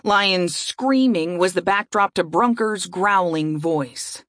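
A woman's voice: lowish voice, slow, a bit bright, no echo, studio quality. Woman reading a fantasy audiobook. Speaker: narrator. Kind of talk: audiobook narration.

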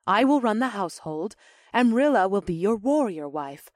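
A man voicing a gentle, devoted elven wife who speaks in a formal, unhurried way. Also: high-pitched, big pitch swings, no room sound, studio quality, pitched above the performer's own voice. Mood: calm.

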